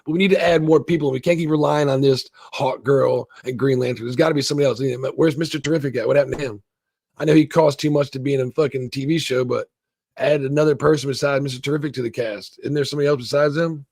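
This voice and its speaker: A man's voice: mid-range voice, fairly even intonation, quick pace, a little mellow, no echo, studio quality. A man giving a loose, rambling, profane recap and review of a TV episode, acting out the characters' lines as he goes. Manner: rambling, swears a lot, acts out quoted lines. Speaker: show reviewer.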